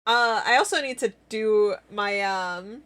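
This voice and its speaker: A woman's voice: mid-range voice, a little slow, fairly bright tone. A young woman live-streaming in casual chat, giggly and playful, bursting into squeals and laughter.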